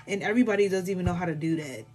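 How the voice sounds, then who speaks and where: A woman's voice: fairly low pitch, racing, darkish tone, soft background music. A woman doing a casual live tarot reading, talking in a blunt, rambling way full of swearing. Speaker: tarot reader.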